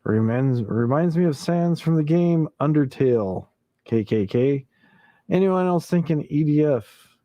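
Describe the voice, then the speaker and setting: A man's voice: fairly high pitch, animated, a little slow, no echo, lo-fi sound. A man hosting a casual late-night livestream, chuckling often and reading viewer comments aloud. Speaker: livestream host.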